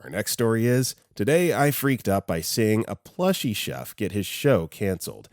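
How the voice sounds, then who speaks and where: A man's voice: fairly low pitch, very animated, moderate pace, darkish tone, no room sound, clean studio sound. A man narrating online stories aloud, with casual laughing asides between posts.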